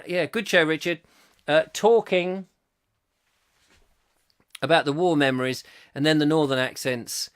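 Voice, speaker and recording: A bright-voiced man from southern England hosts a live comic chat show and reads out viewer comments. He rambles and giggles and pokes fun at himself, in a high register. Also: slow pace, pauses often, clear, resonant tone. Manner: giggly, rambling and self-mocking. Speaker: host.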